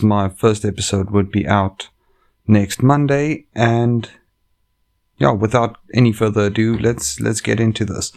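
A comedian hosting a show, chatting casually and reading online stories aloud into a microphone. He rambles, swears and keeps cutting himself off. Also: lowish voice. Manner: rambling, profane, self-interrupting. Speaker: comedian and podcast host.

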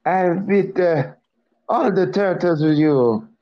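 High strained cartoon plumber. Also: male voice, takes it slowly, highs cut off. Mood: boastful. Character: squeaky cartoon plumber, boastful.

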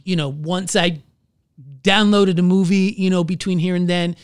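A man who is a pastor, telling his own story in an earnest, halting way and searching for his words. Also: high voice, steady tone, smooth, no echo, studio quality. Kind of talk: candid personal testimony in conversation.

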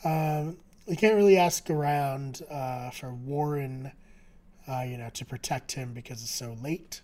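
A man's voice: medium pitch, a little slow, darkish tone. A man co-hosting a podcast, casually recapping a TV episode, chatty, with lots of fillers and frequent laughter. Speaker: podcast co-host.

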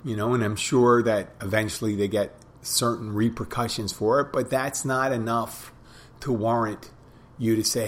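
Plain-spoken bartender man, low voice. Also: steady tone. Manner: plain-spoken, halting with restarts and fillers. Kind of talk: casual storytelling monologue.

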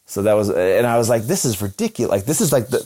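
Young male guest, lowish voice, chatty and animated as he tells a story. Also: fast, breathy edge. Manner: animated, acts out quotes with a raised voice. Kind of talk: casual storytelling.

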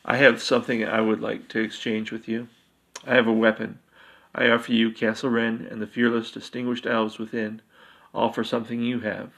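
A man voicing a bald, aristocratic wizard who makes persuasive, measured offers in a dark fantasy tale. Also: mid-range voice, little pitch movement, creaky, low-quality recording. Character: aristocratic bald wizard, smooth-talking schemer.

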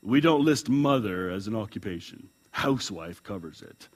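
A man voicing a curt, dismissive female records clerk with brusque, flat statements. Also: on the high side, moderate pace.

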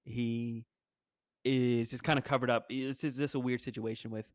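A man's voice: mid-range voice, flat delivery, normal speed, dry recording. A man co-hosting a casual sports podcast, blunt and dry, swearing casually as he talks football. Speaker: podcast co-host.

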